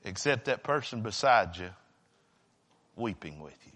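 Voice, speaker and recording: A man preaching a sermon. He swings between shouting and hushed, near-whispered passages. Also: fairly low pitch, lively intonation, unhurried, in a large hall.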